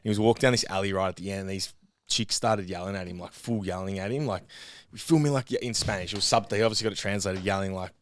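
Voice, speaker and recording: Fast-talking man, casual. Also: low voice, no room sound. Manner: fast, swearing, laughs while retelling clips. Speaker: podcast co-host. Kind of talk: casual chat.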